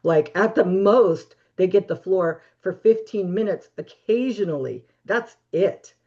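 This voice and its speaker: A woman guest giving steady, practical advice in a webinar interview over a video call. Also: medium pitch, measured pace, dull audio. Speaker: guest expert on relationships.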